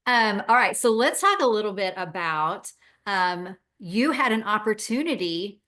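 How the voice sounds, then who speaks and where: A woman's voice: mid-range voice, animated, unhurried, a bit bright. Woman, interview host, enthusiastic, chatty with fillers, mid-range voice. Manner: enthusiastic, many fillers, laughs along. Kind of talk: casual interview chat.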